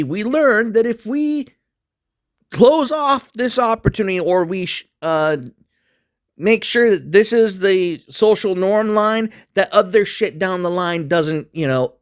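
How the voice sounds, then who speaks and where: A man's voice: high voice, fairly bright tone. Profane, combative man ranting. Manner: emphatic with repeated restarts. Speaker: political commentator. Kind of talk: ranting monologue to camera.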